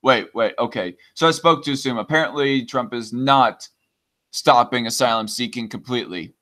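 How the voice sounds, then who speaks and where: A man's voice: mid-range voice, normal speed, fairly bright tone. A man hosts a loose, casual podcast and reacts to viewer comments as they come in. He talks hesitantly, trailing off and restarting often, with a mid-range voice. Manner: hesitant, many fillers and restarts. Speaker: podcast host reading chat comments.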